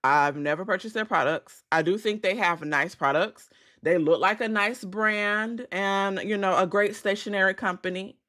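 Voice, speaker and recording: A woman hosting a casual livestream speaks in a mid-range, fairly bright voice at a moderate pace. Her voice cracks since she's just woken up, and she chats with her viewers bluntly, swearing plenty.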